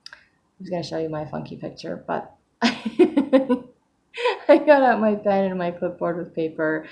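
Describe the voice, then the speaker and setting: A woman's voice: low-pitched, darkish tone, slight background noise. A woman recording a casual video diary at home, talking hesitantly with many fillers, her voice still a little worn from crying earlier. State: recently crying. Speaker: vlogger.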